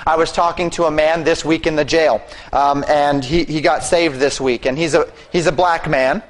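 A man's voice: fairly high pitch, fairly even intonation, moderate pace, low-quality recording. A man preaching a sermon as pastor, earnest and exhorting, often dropping his voice for emphasis.

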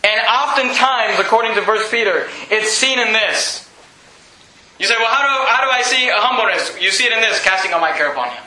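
A man preaching a sermon in a very high, piercingly bright voice. He talks in an animated way, restarts and repeats words, and bursts loud when he acts out quotes. His voice rings through a very echoey church hall. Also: a little fast. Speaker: pastor.

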